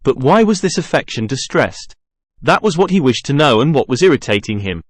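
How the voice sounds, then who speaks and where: A man reading a novel aloud as scripted narration, measured and clear. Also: mid-range voice, very animated, no echo, studio quality. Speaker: audiobook reader.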